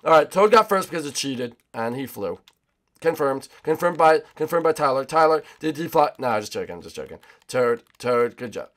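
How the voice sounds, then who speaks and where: Excitable man with lively commentary. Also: fairly high pitch, moderate pace. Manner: excitable, rambling, talks to viewers while racing. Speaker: gaming channel host. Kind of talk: casual gameplay commentary.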